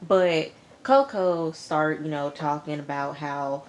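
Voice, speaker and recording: Talking directly to her audience, a young TV review vlogger gives a relaxed recap of an episode and laughs a lot along the way. Her voice is low-pitched and slow, with soft music playing in the background.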